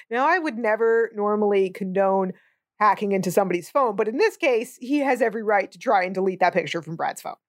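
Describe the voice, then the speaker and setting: A woman's voice: mid-range voice, animated, fairly quick, no echo, studio quality. A woman co-hosting a movie podcast in a casual chat, wry and sarcastic, laughing often. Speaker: podcast co-host.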